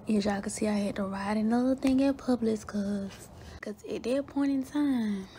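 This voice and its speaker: A pregnant woman in her thirties with an Atlanta Southern accent, out of breath and in pain, talking low and half-whispered to her vlog viewers at home. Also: normal speed, noisy background. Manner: chatty, addresses viewers as y'all. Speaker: vlogger. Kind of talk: casual vlog talk to camera. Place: home, upstairs bedroom and closet.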